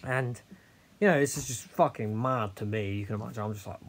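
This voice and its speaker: A young man tells his own story in a candid, halting monologue. His voice is gravelly and fry-heavy at a middling pitch, and he stops often for fillers and the odd swear word. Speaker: host sharing his story.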